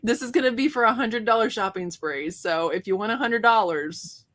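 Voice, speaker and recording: A woman's voice: on the high side, moderate pace, fairly bright tone. A woman hosting a casual livestream giveaway, chatty and teasing, laughing often.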